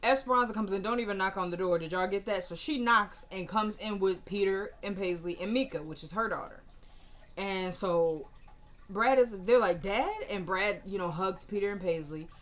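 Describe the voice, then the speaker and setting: A woman recapping a TV episode in casual chat, chatty and opinionated, quoting the characters' lines and turning to her viewers with asides. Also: medium pitch. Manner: chatty, acts out characters' lines in quick bursts.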